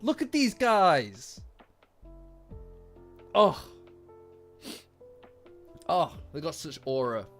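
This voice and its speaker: A man hosting a casual chat about an anime episode. He talks in an excitable way, laughs often, and keeps repeating and restarting his words. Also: a little high, extremely slow, long pauses. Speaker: anime reaction host. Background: faint background music.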